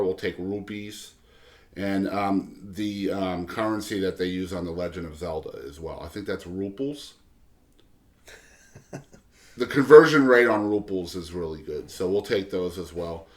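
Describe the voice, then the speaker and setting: Guy hosting a music podcast, kinda low voice, rambly and jokey with lots of ums. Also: a little slow. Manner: loose and joking, many um fillers. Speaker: podcast host. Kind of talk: casual show announcements.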